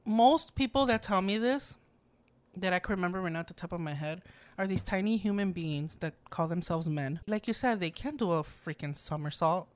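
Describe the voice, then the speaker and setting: A young woman with a slightly low voice talks candidly on a podcast, recorded dry and close. She is blunt and swears casually. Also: animated, moderate pace, no room sound. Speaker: podcast co-host. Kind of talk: casual chat.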